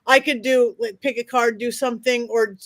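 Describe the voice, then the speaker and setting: Woman w a high voice chatting, dry sound, repeats herself. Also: steady tone, normal speed, no echo. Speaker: podcast co-host. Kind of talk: casual chat.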